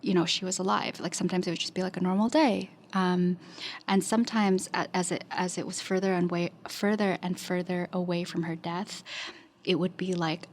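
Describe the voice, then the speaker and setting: A woman who is a podcast guest, recalling her own experiences in a hesitant, casual way with many restarts and soft asides. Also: fairly low pitch, little pitch movement, normal speed, slight background noise. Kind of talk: personal recollection in casual talk.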